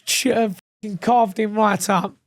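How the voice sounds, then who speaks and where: A man from England, his voice sitting high and his pace a little slow, guests on a podcast for a casual chat. His storytelling is blunt and animated, full of swearing and restarts, and there's no room sound.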